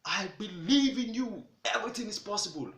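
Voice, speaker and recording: A man's voice: mid-range voice, fairly even intonation, racing, fairly bright tone, reverberant, close to an everyday voice. A man voicing a bold, proclaiming parrot. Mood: resolute. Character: encouraging male parrot, bold.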